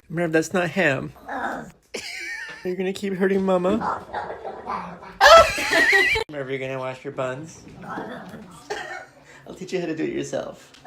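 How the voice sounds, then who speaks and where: A woman's voice: on the low side, animated, moderate pace, gravelly, heavy background noise. A woman talking to her cat at home in playful, teasing baby talk, giggling often. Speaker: pet owner.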